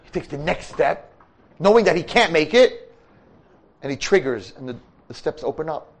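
An older man, a rabbi and teacher, giving a storytelling sermon in a yeshiva study hall, animated and breaking into shouts. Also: fairly high pitch, normal speed.

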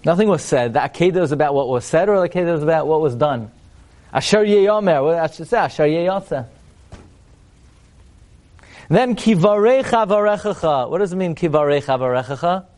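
Torah teacher, male, fairly high voice, chants verses then quips, live class. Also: lively intonation, fairly quick, long pauses, darkish tone. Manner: rhetorical questions, wry humorous asides. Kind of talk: lecture to a live audience.

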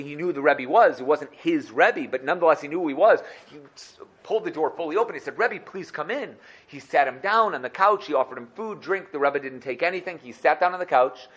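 Man, Torah teacher, lively storyteller, repeats phrases, fairly high voice.

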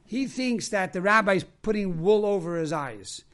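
A man's voice: high-pitched, lively intonation, normal speed, fairly bright tone. A man, a rabbi, giving a sermon and telling a story. He explains terms one after another.

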